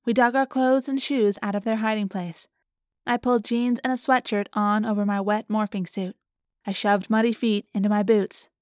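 A woman reading a first-person audiobook in a clear, even storytelling manner. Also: medium pitch, moderate pace, dry recording, studio quality. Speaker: audiobook narrator.

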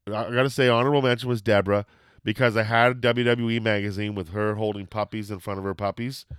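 Man, from Canada, casual storytelling, animated, swears, smooth voice, dry sound. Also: fairly low pitch, fast, dry recording. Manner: animated, swearing, acts out quotes loudly.

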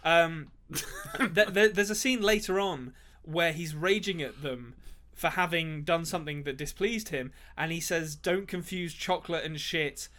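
A man's voice: fairly high pitch, measured pace, bright, forceful tone. A man co-hosting a casual movie podcast, talking animatedly and putting on voices to mock film lines. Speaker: podcast co-host.

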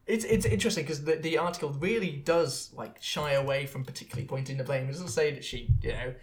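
Man, podcast co-host, relaxed storytelling, hesitant, ums. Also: a little high, quick pace, hardly any pauses.

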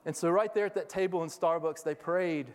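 A man with a slightly high voice speaks a bit quickly as a visiting missionary delivering a sermon in a large, echoing church sanctuary. He tells stories with lively energy, performing the voices of each person he quotes.

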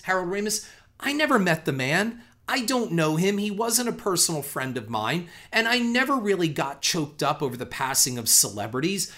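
A man's voice: fairly high pitch, bright, forceful tone. A middle-aged man giving a reflective, conversational film commentary, earnest in tone, who often restarts on repeated words and swears casually.

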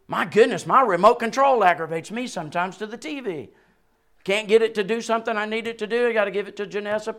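Animated preaching man in his sixties. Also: high voice. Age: 60s. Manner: animated preaching with sudden rises and drops; chuckles between points. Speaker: pastor. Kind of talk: sermon.

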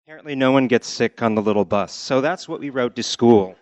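A man's voice: medium pitch, fairly quick, no echo, highs cut off. A man from Connecticut telling a childhood story on stage with wry delivery, acting out family voices. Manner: wry, deadpan delivery with acted-out quotes. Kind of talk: live personal storytelling.

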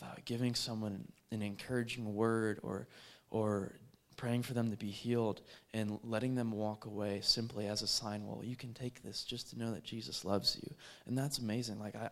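A man telling a personal faith testimony in an earnest, halting way, with many fillers and restarts. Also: on the low side, flat delivery, fairly bright tone. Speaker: street evangelist.

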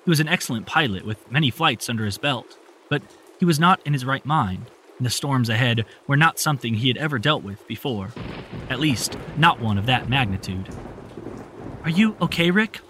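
A man narrating an audiobook in an even, steady storytelling manner. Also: medium pitch, fairly quick, a little hiss or hum.

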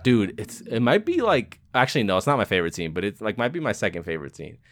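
Low-voiced swearing podcast host. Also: male voice, quick pace. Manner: swearing, animated retelling of scenes. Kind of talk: casual movie review chat.

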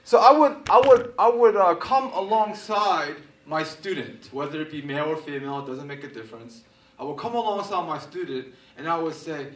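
A man preaching a sermon to a congregation, with a conversational style full of "right?" asides and quick laughs. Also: high-pitched, animated, a bit bright, slight background noise. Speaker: pastor.

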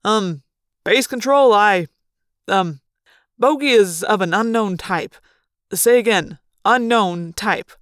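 A woman's voice: mid-range voice, slow, dry recording, clean studio sound, close to an everyday voice. A woman voicing a flustered, stammering male fighter pilot talking over the radio. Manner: stammering, hesitant.

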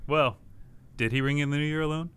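A man's voice: fairly high pitch, steady tone, a little fast, a bit bright, clean tone. A man co-hosting a podcast, telling a story in casual, joking chat and laughing often. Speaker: podcast co-host.

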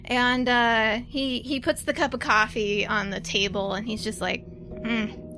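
A woman running a tabletop horror game as game master, relaxed and jokey. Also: a little high, normal speed, over music.

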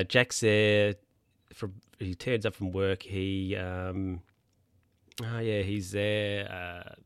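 A man with a lowish voice recaps a story in a loose, rambling way, full of fillers and restarts. The sound is dry and close, with no room around it. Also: fairly bright tone, smooth, no room sound. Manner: rambling, hesitant with many fillers. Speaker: podcast recapper. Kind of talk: casual episode recap. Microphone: handheld or desk mic, bumped by hand.

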